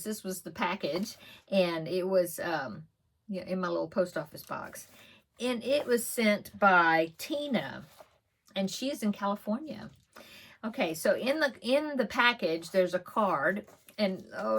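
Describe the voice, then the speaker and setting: A woman vlogger, an older grandmother, casually opening and reading holiday cards, chatty and laughing often. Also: on the low side. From Texas. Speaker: podcast host. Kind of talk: casual vlog, opening mail.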